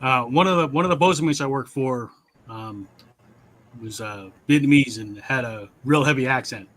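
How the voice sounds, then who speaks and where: A man's voice: medium pitch, normal speed, a bit bright, rough recording. A man talking casually on a livestream, recalling his Navy service and reciting shipboard announcements. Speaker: Navy veteran co-host. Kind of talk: casual chat.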